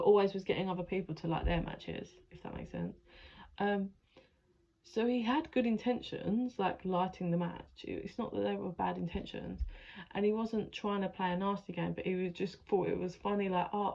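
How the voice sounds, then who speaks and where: In a low, dark voice full of vocal fry, a woman working as a spiritual adviser and tarot reader channels a reading, rambling emotionally and cursing freely. The recording's high frequencies are cut off.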